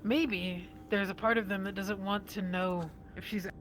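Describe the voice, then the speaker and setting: A woman in a casual chat who calmly agrees and finishes the other speaker's sentences. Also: medium pitch, measured pace, a little hiss or hum.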